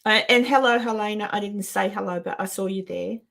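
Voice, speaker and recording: A woman from Australia with an Australian accent, co-hosting a casual live stream from an office, chatty and quick to laugh. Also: mid-range voice, vocal fry, fairly bright tone. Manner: chatty, laughs often, reads out chat messages.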